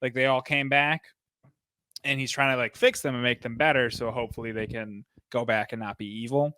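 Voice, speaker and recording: A man in casual podcast chat, telling a funny story with animated asides and quick put-on voices. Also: mid-range voice. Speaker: podcast guest.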